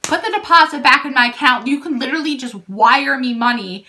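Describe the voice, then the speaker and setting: A young woman recounts a story to her vlog audience in a casual, indignant way, with lots of "like" along the way. Her voice sits a little high and has a sharp, bright edge. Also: fairly quick. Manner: animated and indignant, heavy use of "like". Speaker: vlogger telling a story.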